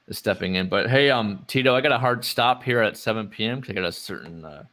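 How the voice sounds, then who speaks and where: A man's voice: on the low side, quick pace, a bit bright. A man talking as a guest on a casual podcast, stating his views with emphasis.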